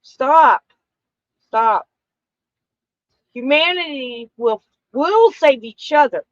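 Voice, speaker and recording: A woman with a high voice co-hosts a loose political chat, pressing her points hard and repeating words for emphasis. The sound is close and dry, a little dull in the top end. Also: animated, extremely slow, no echo. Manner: emphatic, insistent, repeats phrases. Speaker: co-host.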